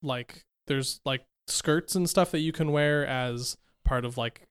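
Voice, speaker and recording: A man's voice: medium pitch, slow pace, smooth. A man co-hosting a casual chat, curious and talkative, thinking aloud as he goes.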